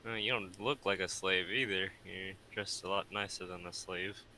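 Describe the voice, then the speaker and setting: A man's voice: sits low, steady tone, normal speed, bright, forceful tone, slight background noise, low-quality recording. A man playing a tabletop game, laid-back and dry, mostly speaking in character. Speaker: player. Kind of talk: tabletop role-play chat.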